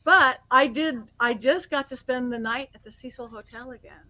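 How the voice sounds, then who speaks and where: A middle-aged woman guest on an interview, telling stories in an animated way, acting out quotes and laughing often. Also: sits high, moderate pace, poor audio. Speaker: guest psychic medium. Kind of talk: casual interview storytelling.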